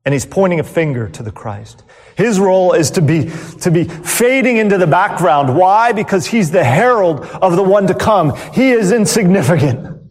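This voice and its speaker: A man's voice: high voice, expressive. Preacher man in a reverberant hall. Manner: preaches with pauses, trailing off softly at phrase ends. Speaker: pastor. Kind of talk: sermon. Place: church.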